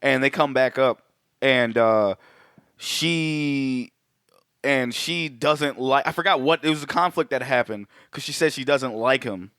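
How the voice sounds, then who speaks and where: A man co-hosting a podcast, retelling a movie scene in a profane, animated way. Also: mid-range voice, a little slow, smooth, dry recording, studio quality. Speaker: podcast co-host. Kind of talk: casual movie chat.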